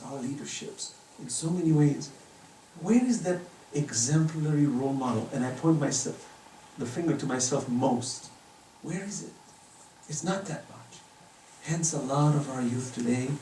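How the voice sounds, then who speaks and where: A man's voice: on the high side, warm tone, a little hiss or hum. Impassioned middle-aged man lecturing, distant roomy sound. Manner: impassioned, builds to emphatic rising questions. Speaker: religious lecturer. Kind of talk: religious lecture. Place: private home. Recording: roomy echo, distant from the mic.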